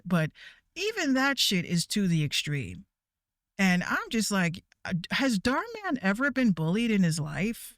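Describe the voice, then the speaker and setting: A woman's voice: lowish voice, very animated, measured pace, no echo, studio quality. A woman VTuber ranting casually to her viewers, profane and rambling, with stammering restarts. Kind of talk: casual rant.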